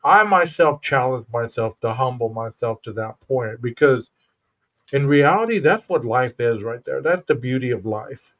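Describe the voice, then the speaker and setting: A man's voice: mid-range voice, animated, normal speed, fairly bright tone. Guy hosting a live chat stream, earnest and thoughtful, keeps saying bro. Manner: earnest, reflective, says "bro" and "you know". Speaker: podcast host. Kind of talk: casual livestream chat.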